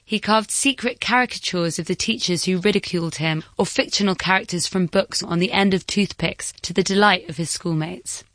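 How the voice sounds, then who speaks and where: A woman with a lowish voice reads scripted documentary narration. Her delivery is measured and even, and the recording is dry and close. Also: no echo.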